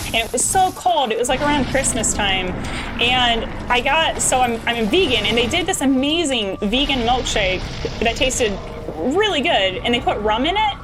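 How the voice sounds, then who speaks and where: A woman's voice: fairly high pitch, animated, moderate pace, noisy background. A young woman streaming a game, chatting casually with her viewers and laughing often. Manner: bubbly, chatty, laughs often, talks to chat. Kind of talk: casual gameplay chat.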